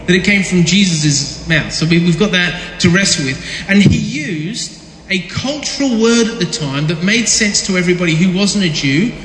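Man, pastor, high voice, chatty sermon, echoey church hall. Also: lively intonation, moderate pace, a bit bright, slight background noise. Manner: conversational, jokey, repeats words when restarting. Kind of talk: casual sermon with audience interaction. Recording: echoey hall with long reverb.

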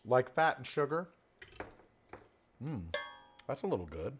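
Chatty sixty-year-old man with a lively voice. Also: medium pitch, measured pace, soft background music. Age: 60s. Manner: chatty and opinionated, sassy asides. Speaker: cooking show host. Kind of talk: casual kitchen chat while cooking. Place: home kitchen.

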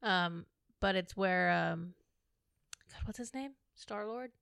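A woman's voice: medium pitch, takes it slowly, gravelly, fairly bright tone, smooth, no echo, studio quality. A young woman co-hosting a podcast in casual chat, matter-of-fact and teasing. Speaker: podcast co-host.

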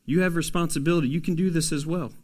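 A man preaching a sermon as a pastor, swinging from loud, emphatic pushes to soft, hushed asides. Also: a little high, steady tone, fast.

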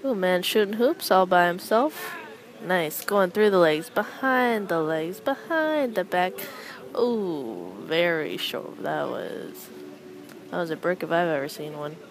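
A young adult woman hosting a casual solo chat, rambling with wry, deadpan asides as she comments on people passing by. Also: lowish voice, takes it slowly, poor audio. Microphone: close microphone.

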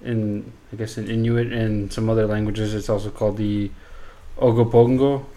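A man's voice: on the low side, level tone, normal speed, mellow. A man in a casual podcast chat, reading out facts about a creature.

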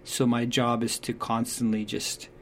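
A man talking earnestly about parenting in a relaxed conversation, acting out what parents and children say. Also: mid-range voice, a little slow, slight background noise. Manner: acts out quoted voices, thoughtful and earnest. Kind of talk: conversational advice talk.

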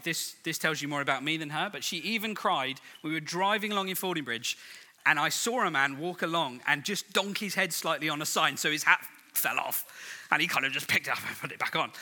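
A man's voice: on the high side, sharp tone, big-room sound. A middle-aged man preaching to a church congregation, telling a humorous story in a chatty way. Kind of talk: sermon. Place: large church hall.

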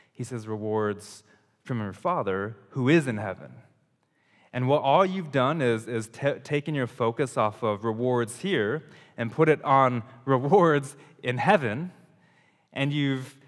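A man in his thirties preaching a conversational, emphatic sermon, often restarting his phrases as he works through his point. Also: mid-range voice. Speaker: pastor. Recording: long hall reverb.

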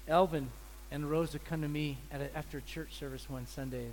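High-voiced pastor telling lively stories. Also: male voice, fairly quick, slight background noise. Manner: animated storyteller, acts out people's voices. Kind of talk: sermon with storytelling.

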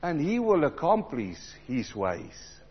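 High-voiced preacher man, dull lo-fi sound. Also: huge pitch swings, slow pace, breathy edge. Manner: swings between loud emphatic passages and low, quiet asides. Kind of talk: sermon.

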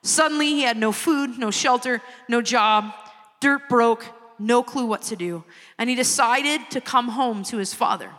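A high-pitched woman delivers an earnest, pleading sermon, slowing down to lean on her key words. Her voice rings out with a long reverb tail, as if from a large church hall. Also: a bit bright. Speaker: preacher. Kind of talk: evangelistic sermon.

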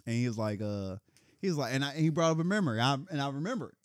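A young man co-hosting a casual chat podcast, telling animated stories and acting out what people said, with plenty of swearing. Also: medium pitch, racing, dry recording, studio quality. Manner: animated storytelling, acting out quotes, heavy swearing. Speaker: podcast co-host.

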